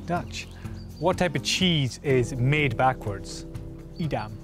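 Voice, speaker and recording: A man's voice: mid-range voice, lively intonation, slow pace, over music. A man presenting on location in a playful, punning way. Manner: punning, jokey.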